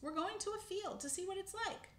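A woman's voice: very high-pitched, a little fast, fairly bright tone, pitched above the performer's own voice. A woman voicing a cheerful female squirrel who leads pups, sing-song and upbeat. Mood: cheery. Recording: echoey room, faint noise.

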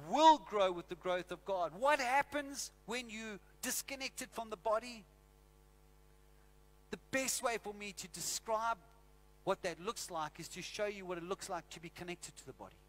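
A South African man preaching a sermon in church, telling stories and acting out scenes. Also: sits high. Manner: animated storytelling, acts out scenes. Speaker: pastor.

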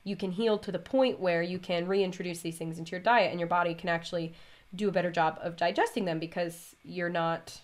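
A woman's voice: fairly low pitch, steady tone, a little fast. A woman hosting her stitching vlog, chatting casually and rambling off on tangents while she stitches. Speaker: vlog host and cross-stitch designer.

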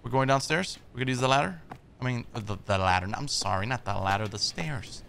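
Gravelly, bright-voiced male gamer. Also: mid-range voice, lively intonation, brisk, a little hiss or hum. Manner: jumpy, swearing, nervous joking. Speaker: gaming YouTuber. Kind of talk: horror game let's play commentary.

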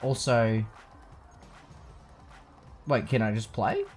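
A man's voice: medium pitch, takes it slowly, soft background music. A young man casually commentating a video game playthrough, joking and swearing freely. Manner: profane, joking, animated. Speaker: let's play host.

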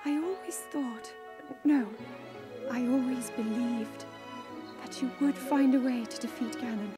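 A woman playing a gentle young princess, high and light, speaking softly and with deep sincerity. Her lines are captured from game audio. A loud orchestral score plays beneath them. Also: a little slow, over music, natural voice. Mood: tender. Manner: soft, earnest and heartfelt delivery. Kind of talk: video game voice acting.

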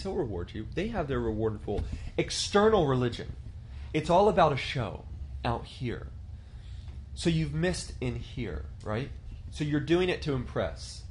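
A man's voice: medium pitch, a little mellow, a little hiss or hum. A man in his thirties teaching a church leadership class in a conversational way, asking the class questions and acting out quotes.

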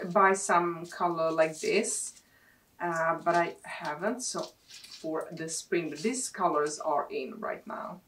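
A woman vlogger from Sweden chatting casually and excitedly as she unboxes beauty products. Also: on the low side, slow pace. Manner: excitable, gushing over products. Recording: distant mic with clear background noise.

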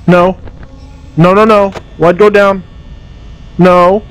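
A man's voice: sits high, level tone, takes it slowly, smooth, poor audio. Jumpy, panicky young man streaming a horror game. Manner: jumpy, nervous laughter, swearing, panicky yelps. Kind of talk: live gameplay commentary. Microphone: headset.

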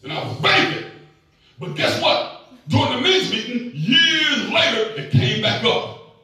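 High-voiced preacher in an echoey hall. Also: male voice, big pitch swings, measured pace, recorded from a distance. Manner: storytelling, folksy and emphatic, with sudden shouts. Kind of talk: sermon. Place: large echoey church hall.

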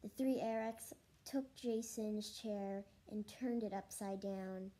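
A woman's voice: medium pitch, fairly even intonation, takes it slowly, warm tone, poor audio. A woman reading a children's story aloud, with slips and restarts.

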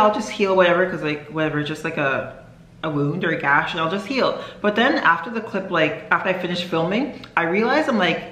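A woman's voice: on the low side, a bit bright. A young woman vlogging casually to camera, rambling and chatty with lots of fillers and self-corrections. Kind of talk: casual vlog chat to camera. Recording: echoey room.

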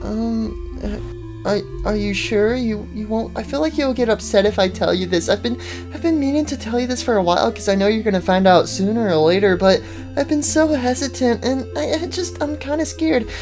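Casting: soft, hesitant pregnant young woman, voiced by a woman, stammers a lot, lively pitch. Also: normal speed, over music. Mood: nervous. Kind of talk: machinima voice acting.

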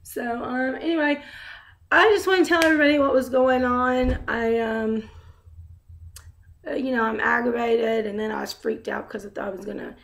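A woman with a fairly high voice and a gravelly, fried edge talks straight into her camera at home. She rambles through her update candidly and trails off into fillers and side remarks. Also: fairly even intonation, moderate pace, a little hiss or hum. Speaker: vlogger. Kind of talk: casual personal video update.

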